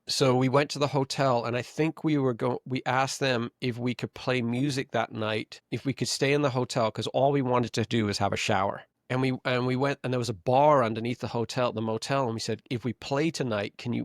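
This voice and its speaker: A man's voice: mid-range voice, no echo, studio quality. A man hosting a podcast, telling a long road-trip story in a rambling, self-correcting way. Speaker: podcast host. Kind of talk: casual chat.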